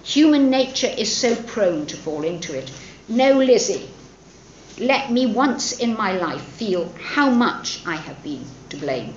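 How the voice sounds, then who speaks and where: A dry, rueful older gentleman speaks with measured irony, as a woman lecturer reads him aloud. The lines rise and fall with lively expression. The sound is roomy and a little dull. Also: medium pitch, slight background noise. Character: wry, rueful intelligent older gentleman father.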